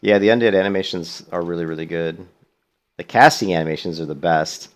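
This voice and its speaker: A man's voice: deep voice, brisk. A man streaming a video game, chatting casually in a rambling, profane way. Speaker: let's play streamer. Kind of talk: casual gaming commentary.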